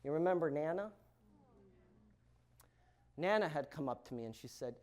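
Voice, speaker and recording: A man giving a keynote talk, telling a personal story with dramatic pauses and swings from loud emphasis to hushed words. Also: on the high side, animated. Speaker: keynote speaker. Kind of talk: storytelling speech to an audience.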